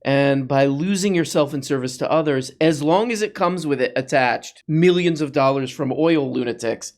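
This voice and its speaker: A man's voice: on the high side, normal speed, hardly any pauses. Sarcastic man mocking a video. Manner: mocking, mock-awed asides. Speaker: commentary host. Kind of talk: sarcastic reaction commentary.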